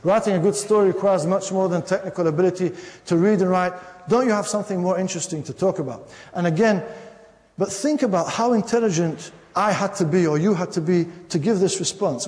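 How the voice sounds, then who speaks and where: High-voiced male lecturer in a hall. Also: darkish tone. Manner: wry, storytelling, repeats himself when stressing points. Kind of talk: public lecture. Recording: long reverb of a lecture hall.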